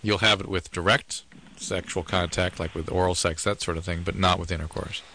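An earnest male co-host who lectures callers with frank medical advice. His voice is very deep yet bright, and he talks quickly. A faint hiss sits under him. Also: steady tone. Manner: earnest, lecturing, explains at length. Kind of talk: call-in advice talk.

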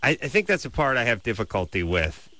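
A man hosting a call-in radio show from a studio, nasal and wordy, arguing his points in a deadpan way. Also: medium pitch, a little fast, no room sound. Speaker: radio host. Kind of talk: late-night call-in radio banter. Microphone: studio mic.

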